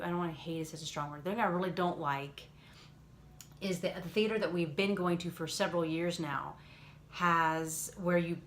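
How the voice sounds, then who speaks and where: A woman with a lowish voice talks in a loose, rambling way and keeps stopping to correct herself. She sounds relaxed and chatty. A faint hum of room noise sits behind her. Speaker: podcast co-host. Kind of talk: casual chat.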